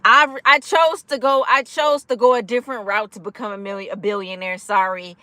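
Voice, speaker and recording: A woman hosting a casual livestream, energetic and giggly, laughing often while she chats with viewers and answers their comments. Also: mid-range voice, brisk, no room sound. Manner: chatty, with frequent fillers like "like" and "y'all". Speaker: livestream host of a gambling recovery channel.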